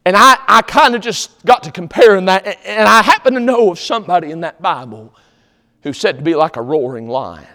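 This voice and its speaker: A man preaching a sermon, emphatic, swinging between loud exhortation and hushed tones. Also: sits high, fairly quick, big-room sound.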